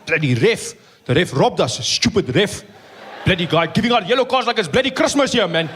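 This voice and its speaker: A man voicing an angry Afrikaans rugby fan who shouts indignant complaints about the referee. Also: high-pitched, expressive, fairly quick, a little hiss or hum. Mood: furious. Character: grumpy Afrikaans rugby fan, grown man, sore loser.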